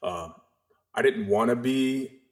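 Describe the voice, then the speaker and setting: A middle-aged man from the American South with a faint Southern accent, telling stories in a casual interview, rambling and animated with frequent restarts. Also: mid-range voice, takes it slowly. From the Carolinas, US South. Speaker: podcast guest.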